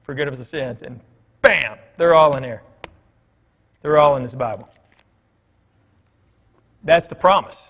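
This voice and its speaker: A middle-aged man, a guest speaker at church, gives a conversational sermon full of anecdotes in a church hall. His mid-range voice is gravelly and fairly bright, and he speaks unhurriedly with frequent pauses, telling folksy stories and acting out other people's dialogue. The recording carries a long hall reverb.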